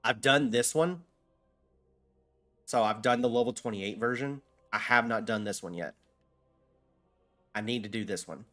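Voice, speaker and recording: A gaming streamer with a medium-pitched, bright, forceful voice chats casually and unhurriedly while playing, leaving long pauses. He rambles, restarts sentences and uses lots of fillers as he answers viewers, with faint music behind him.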